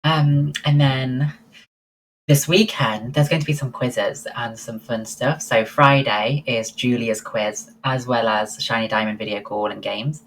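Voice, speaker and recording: A woman's voice: rumbling low, fairly even intonation, unhurried, slight background noise, rough recording. A woman livestreaming, chatting casually and answering her viewers' messages one by one. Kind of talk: casual chat with live viewers.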